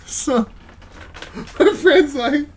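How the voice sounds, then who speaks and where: A man's voice: extremely high pitch, drawn-out words, slight background noise. Laughing man telling gaming stories. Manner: animated storytelling, laughs often. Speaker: podcast host. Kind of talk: casual gaming chat.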